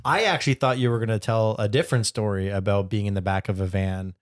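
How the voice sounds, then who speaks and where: A man's voice: on the low side, steady tone, quick pace. A man co-hosting a casual podcast, playful and wry, teasing his partner. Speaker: podcast co-host.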